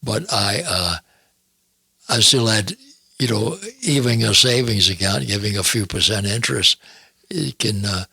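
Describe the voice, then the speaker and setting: A man in his nineties, talking in a plainspoken, easygoing way in a casual interview, with a husky voice. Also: lowish voice, expressive, unhurried, bright, forceful tone. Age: 90s. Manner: plainspoken, easygoing, chuckles often. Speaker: interviewee, host's father. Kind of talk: casual conversation.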